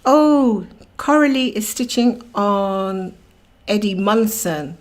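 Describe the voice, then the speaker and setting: A woman's voice: medium pitch, animated, slow, a little mellow. A woman hosting a cross-stitch livestream, chatting casually and rambling while she greets viewers by name and laughs often.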